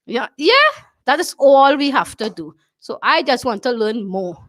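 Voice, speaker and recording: A woman's voice: on the high side, lively intonation, moderate pace. A Trinidadian woman hosting a talk show, speaking emphatically, repeating her phrases and often asking "you understand?". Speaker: show host.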